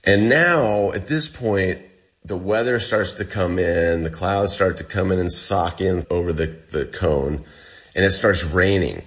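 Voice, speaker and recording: A man's voice: deep voice, measured pace. A man telling a story in a casual way. He acts out the dialogue and says "like" a lot. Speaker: interview guest.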